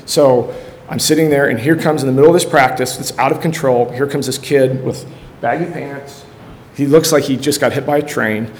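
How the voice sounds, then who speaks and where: A middle-aged man, a high school football coach, giving an earnest storytelling testimony in church, acting out quotes with bursts of energy. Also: normal speed.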